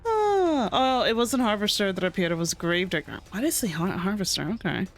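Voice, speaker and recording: A woman's voice: medium pitch, sing-song, fairly quick, soft background music. A woman streamer chatting casually while reacting to a game, giggly and playful.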